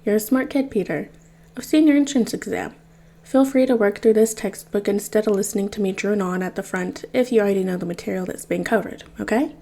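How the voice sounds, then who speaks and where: A woman voicing a middle-aged female teacher who speaks in a brisk, lecturing way. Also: mid-range voice, creaky, warm tone. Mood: encouraging.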